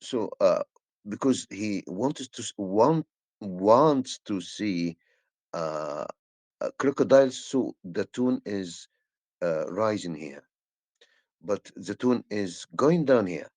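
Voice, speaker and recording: Slow, hesitant male teacher, dry sound. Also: fairly low pitch, expressive, a little mellow, no room sound. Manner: hesitant, many fillers, slow explaining. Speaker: English teacher. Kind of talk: classroom lesson.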